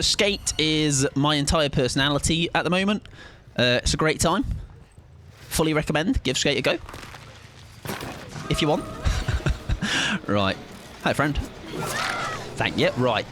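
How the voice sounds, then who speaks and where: A man streaming a game with casual, jokey commentary, often jumping into squealing high-pitched bursts. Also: background noise.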